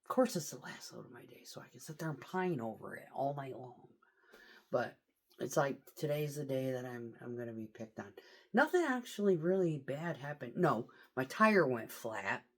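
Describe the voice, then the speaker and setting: A woman's voice: very deep voice, very animated, normal speed. A woman truck driver telling a story in a casual vlog, swearing freely and talking animatedly.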